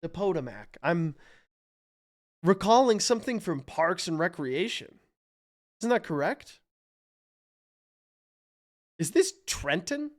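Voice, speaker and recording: A man from Canada streaming live, thinking out loud while he guesses, hyped up and swearing freely. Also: sits high, sing-song, takes it slowly, pauses often. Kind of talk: casual live-stream commentary.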